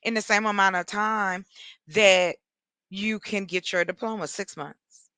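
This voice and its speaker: Outspoken lady on a chat panel, bright kinda sharp voice, dry close sound. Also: mid-range voice, unhurried, dry recording. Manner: blunt, emphatic, outspoken.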